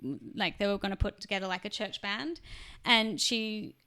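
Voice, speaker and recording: Bright-voiced Australian woman telling stories. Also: mid-range voice, moderate pace, smooth. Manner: chatty storytelling, animated when quoting others. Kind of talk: casual podcast chat.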